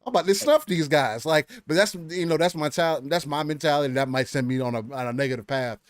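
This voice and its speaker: A man co-hosting a gaming podcast who talks loosely and with excitement, letting the odd swear word slip. His voice is a bit high for a man, and the recording sounds dry and close. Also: quick pace, no echo. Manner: loose and hyped, swears casually. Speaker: podcast co-host. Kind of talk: casual gaming podcast chat.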